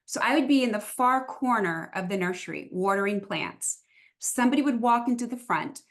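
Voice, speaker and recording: Woman, host, loud voice, lively, casual chat. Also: fairly high pitch, normal speed. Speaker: interview host, retired police officer. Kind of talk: casual interview talk.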